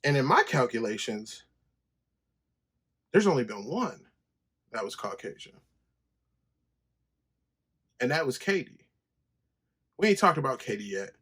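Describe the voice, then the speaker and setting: A man hosting his own podcast, telling a story in a loose, profane monologue and jumping high when he quotes himself. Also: sing-song, measured pace, long pauses, a bit bright, breathy edge. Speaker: podcast host. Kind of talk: casual solo podcast monologue.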